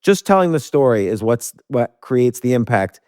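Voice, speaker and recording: A man's voice: mid-range voice, sing-song, normal speed, a little mellow, no room sound, studio quality. A man hosting a podcast interview, thinking aloud in long, rambling sentences with many restarts. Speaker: podcast host. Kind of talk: casual interview.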